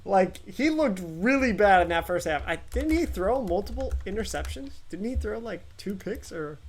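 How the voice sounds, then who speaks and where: Higher-voiced man in casual sports chat. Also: expressive. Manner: halting, restarts and fillers, quick laughs. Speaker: co-host, sports picks.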